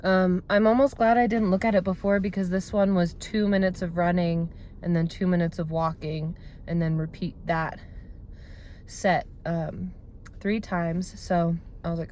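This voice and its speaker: A woman's voice: fairly low pitch, steady tone, unhurried, a little mellow. A woman in her thirties chatting casually to a phone camera from her parked car, rambling and self-deprecating with lots of fillers. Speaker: vlogger. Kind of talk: casual vlog chat. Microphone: phone held close.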